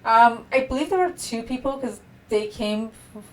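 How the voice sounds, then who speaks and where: A woman's voice: fairly high pitch, moderate pace, a little hiss or hum, poor audio. Chatty woman guest, lots of "like". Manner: chatty, fills speech with "like". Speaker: podcast guest, meditation practitioner. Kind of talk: casual interview chat.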